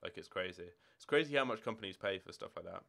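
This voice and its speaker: A man's voice: sits low, expressive, fast, creaky, sharp tone. An eighteen-year-old man from Scotland, chatting casually on a game live stream in a rambling way, answering viewers' questions from his room at home. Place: home room with football shirts and drawers.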